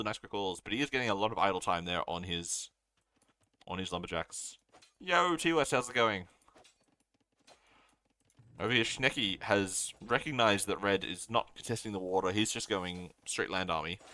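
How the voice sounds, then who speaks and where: A man from Australia casting a strategy game live, reacting eagerly to plays and answering chat. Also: on the low side. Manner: excitable, quick reactions, reads viewer chat aloud. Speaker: caster.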